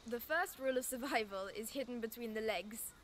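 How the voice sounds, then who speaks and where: A woman's voice: on the high side, fairly quick, heavy background noise, lightly acted. An actress voicing a tough, blunt young female thief with a curt, streetwise manner.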